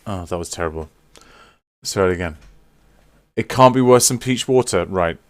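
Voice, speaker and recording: A man's voice: deep voice, lively intonation, moderate pace, dry recording, clean studio sound. A man chatting casually with viewers on a live stream while signing autographs, teasing and reading out names.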